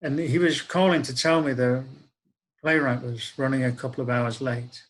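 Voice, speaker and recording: A man's voice: mid-range voice, fairly even intonation, moderate pace, poor audio. An older man tells a personal story. His delivery is wry, reflective and conversational, like spoken-word storytelling. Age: 60s.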